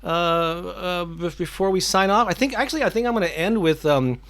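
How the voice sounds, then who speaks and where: A man's voice: high-pitched, moderate pace, a bit bright. Man, middle-aged, casual live-stream host, rambling, filler-heavy. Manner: rambling, many fillers and restarts. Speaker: affirmation channel host.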